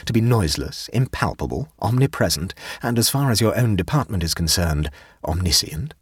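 A man reading a story aloud, voicing a sly, mischievous young gentleman who speaks with measured, deadpan gravity. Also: low-pitched, husky, dry recording, studio quality, voice pushed up, heavily acted. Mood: grave. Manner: measured, deadpan, arch delivery. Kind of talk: audiobook character voice.

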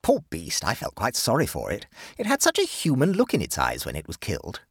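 A man reading aloud, voicing a brisk, chatty country lady neighbour in a story. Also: lowish voice, huge pitch swings, husky, no room sound, clean studio sound, full character voice.

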